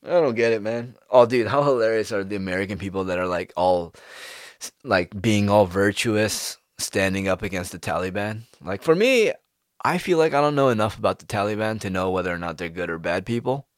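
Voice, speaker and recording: A man's voice: on the low side, brisk, no room sound, studio quality. A man ranting in a casual monologue, swearing freely and firing off rhetorical questions. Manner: animated, profane, rhetorical questions.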